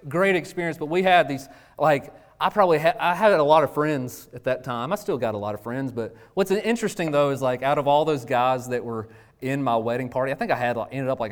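A man's voice: medium pitch, expressive, a little fast. A man, preaching a sermon with emphatic rhetorical questions and casual asides. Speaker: pastor.

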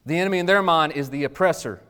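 Guy preaching like he's just talking with friends, voice jumps up a lot, kinda high. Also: fast talker, clean tone. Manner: casual, animated, sudden jumps in pitch. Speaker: pastor. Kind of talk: conversational sermon.

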